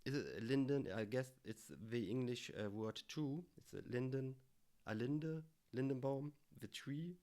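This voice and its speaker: A man's voice: mid-range voice, normal speed, dark tone. A German man with a German accent, host of a reaction video, explaining words in casual commentary with many hesitant fillers.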